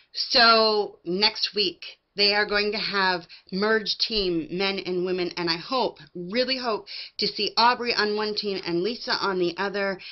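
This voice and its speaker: A woman with a mid-pitched voice recaps reality TV in a sassy, mocking tone. She acts out other people's lines as she talks. The recording sounds slightly dull and lo-fi. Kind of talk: casual opinionated recap.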